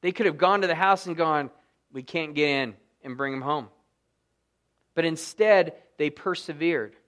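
A man preaching a sermon as pastor, telling the story with animated emphasis and sudden drops to a hushed voice. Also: a little high, moderate pace.

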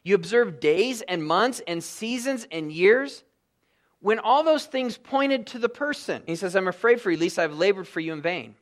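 Middle-aged male pastor, high voice, earnest sermon delivery, lots of rhetorical questions. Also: lively intonation, moderate pace.

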